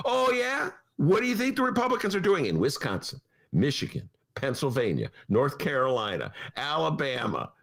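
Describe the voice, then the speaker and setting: A man with a gravelly, creaky voice hosts a casual political talk show. His pitch swings wildly as he rambles through stories and then bursts into loud, ranting asides. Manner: rambling storyteller who breaks into ranting, shouted asides.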